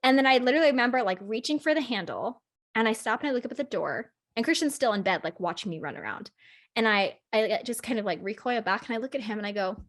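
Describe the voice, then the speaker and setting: A woman's voice: a little high, expressive, fast talker. A young woman co-hosting a podcast, telling a story in casual chat, full of "like" and "literally". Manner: chatty storyteller, fillers like "like" and "literally". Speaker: podcast co-host.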